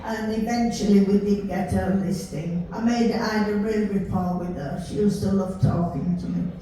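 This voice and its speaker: An older woman with a Yorkshire accent, chatting warmly as she tells stories from her life. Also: medium pitch, steady tone, normal speed. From Yorkshire, England. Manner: chatty, warm storytelling with laughs. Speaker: storyteller recalling her life. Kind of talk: casual reminiscing. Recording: roomy, distant mic with faint hiss.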